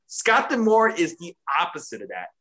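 A man co-hosting a casual wrestling chat, profane and mocking, recapping a show and doing quick impressions. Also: sits high, wildly swooping pitch, bright, forceful tone. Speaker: wrestling podcast co-host.

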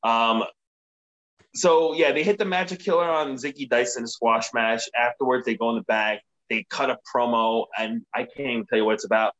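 Male co-host, casual profane recapper, mid-pitched, slightly muffled audio. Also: normal speed, fairly bright tone. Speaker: podcast co-host. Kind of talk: casual wrestling recap chat.

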